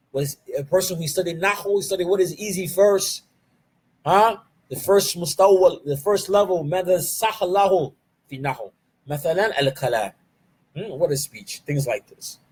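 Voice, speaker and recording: A man teaching an online Arabic grammar class. He asks the class questions and answers them himself, drills key terms slowly and mixes Arabic terms into his English. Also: a little high, slightly rough. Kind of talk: live online class lecture.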